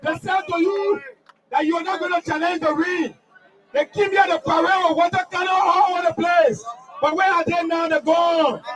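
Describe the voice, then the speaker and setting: A man giving a shouted protest speech at an outdoor rally, leading chants and rousing the crowd. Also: very high-pitched. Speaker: protest speaker. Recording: distant mic, loud crowd outdoors.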